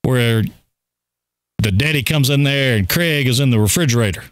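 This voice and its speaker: A man's voice: medium pitch, normal speed, clean tone, dry recording. A man co-hosting a casual talk show, talking animatedly with many stammered restarts and quoted movie lines. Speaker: radio show co-host. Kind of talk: casual chat.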